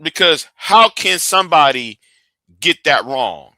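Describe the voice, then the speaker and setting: A man's voice: a little high, lively intonation, slow pace, bright, forceful tone, no room sound. A man hosting a live stream, ranting and arguing, often stumbling and repeating his words as he restarts sentences.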